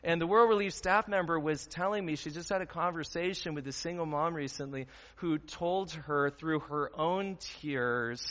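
A man's voice: a little high, moderate pace, hardly any pauses, a bit bright. A man preaching a sermon as a pastor, talking in an earnest, conversational way with fillers. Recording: dull sound with long hall reverb.

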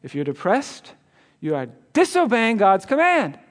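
A man's voice: high-pitched, huge pitch swings, unhurried. A man preaching as a guest speaker, telling a joke story with chuckles and stumbling restarts. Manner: storytelling with laughs and repeated restarts. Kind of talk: sermon. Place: church.

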